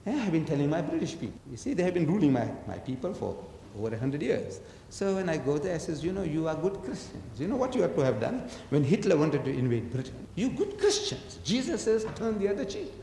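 A man lectures with a lively, swooping delivery and a fairly high voice. He drives his points home with rhetorical questions and acts out voices in his anecdotes. The sound is echoey with a long hall reverb. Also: brisk, creaky, slight background noise. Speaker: religious lecturer. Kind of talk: public lecture on religion.

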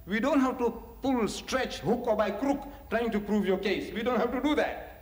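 A man giving a religious lecture, animated and full of rhetorical questions, chuckling often. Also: extremely high pitch, normal speed. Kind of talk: preaching lecture to an audience. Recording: echoey hall reverb.

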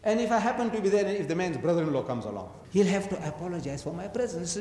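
A man's voice: high voice, lively intonation, fast talker, hardly any pauses, darkish tone. Man, public religious lecture, emphatic, rhetorical questions, roomy hall echo. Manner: emphatic, rhetorical questions, acts out voices in anecdotes. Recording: echoey hall reverb.

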